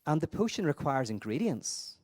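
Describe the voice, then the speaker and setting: A man voicing an old holy man in a story he tells, speaking calmly and kindly. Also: fairly high pitch, moderate pace. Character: old male holy man, gentle and enigmatic.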